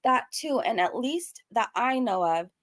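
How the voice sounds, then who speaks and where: Near tears and choked up, a young commentary YouTuber from Southern California addresses her viewers casually and earnestly, rambling with plenty of fillers in her vlog. Her fairly high voice has lively intonation and a measured pace, with no room sound.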